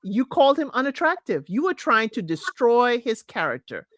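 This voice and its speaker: Woman, casual reality TV recap, animated, higher-pitched voice, dry close recording. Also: moderate pace, dry recording. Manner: chatty, animated, addresses viewers as y'all.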